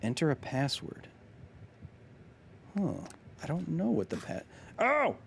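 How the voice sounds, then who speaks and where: A man's voice: fairly high pitch, very animated, a little slow, creaky, darkish tone, slight background noise. A man live-streaming a video game, chatting with his viewers in a jokey, casual way and reading in-game notes aloud.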